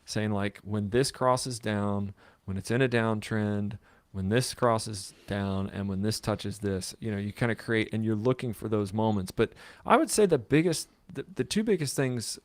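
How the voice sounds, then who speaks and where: A man's voice: lowish voice, moderate pace, dry recording. A man co-hosting a podcast in rambling casual chat, often restarting his sentences. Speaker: podcast co-host.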